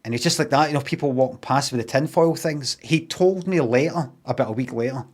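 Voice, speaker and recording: A man's voice: mid-range voice, brisk. A Glaswegian man casually telling a rambling, sweary story, acting out what people said in changed voices. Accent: Glaswegian Scottish. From Scotland.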